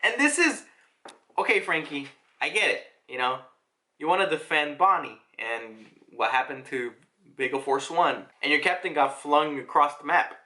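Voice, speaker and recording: A chatty man runs through a manga chapter, excitable and quick to laugh. His voice sits high and bright, with a sharp, forceful edge. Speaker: manga reviewer. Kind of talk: casual chapter review.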